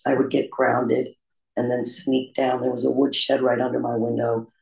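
A man with a gravelly, rough-edged voice tells his own life story in a confessional, self-deprecating way, pausing often on "um". His pitch sits at an ordinary middle height. The recording carries a roomy echo. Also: monotone, a little mellow. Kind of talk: candid personal recovery story.

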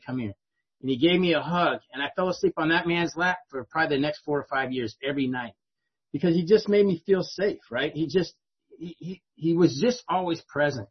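Fast-talking husky man telling a story. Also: fairly high pitch, highs cut off. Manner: conversational, often tags lines with "right?". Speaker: speaker telling his life story. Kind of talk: personal storytelling speech to an audience.

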